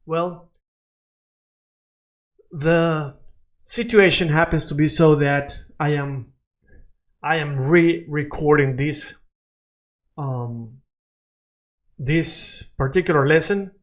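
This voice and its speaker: A man's voice: a little high, takes it slowly, long pauses. A man from Latin America teaching Spanish pronunciation in an improvised lesson, drawing out and repeating sounds so the learner can copy them.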